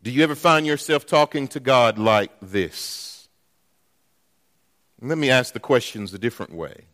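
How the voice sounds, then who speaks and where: Man, pastor, sermon, unhurried, rhetorical questions, lingering church reverb. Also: medium pitch, fairly bright tone. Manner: deliberate, asks the congregation rhetorical questions. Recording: long reverb in a church hall.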